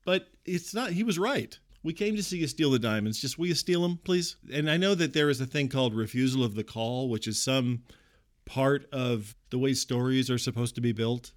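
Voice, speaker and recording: A man's voice: medium pitch, moderate pace. A middle-aged man doing a comic monologue, ranting in an exasperated, incredulous way. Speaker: comedian.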